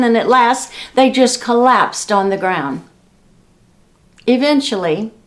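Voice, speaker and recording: A woman librarian reading a story aloud to children and teaching a sing-along song, gentle and expressive. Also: on the high side.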